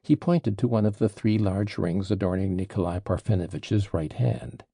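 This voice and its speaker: A man reading an audiobook in a subdued, low-key scripted narration. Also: normal speed, gravelly, hardly any pauses, dark tone, slightly rough, dry recording, studio quality.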